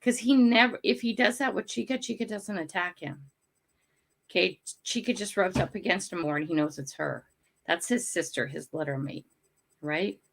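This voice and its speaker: A woman's voice: on the low side, moderate pace, vocal fry. An older woman hosting a casual morning livestream from home, chatting with viewers and talking to her dogs in a rambling way. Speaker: livestream host. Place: home room.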